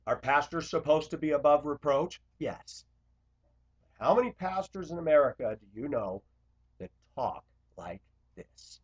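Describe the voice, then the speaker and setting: A man speaking to camera in an impassioned confessional monologue, blunt and confrontational, swinging between loud outbursts and quiet asides. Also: on the high side, moderate pace, slightly rough. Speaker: Christian video blogger. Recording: dull lo-fi recording.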